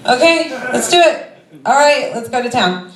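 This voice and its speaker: A woman's voice: sits high, lively intonation, normal speed. Woman, stand-up comedian, rambling casual delivery, roomy echo, a bit distant from the mic. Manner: rambling, conversational, with many fillers. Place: comedy club stage before a crowd. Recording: roomy club sound from a distance.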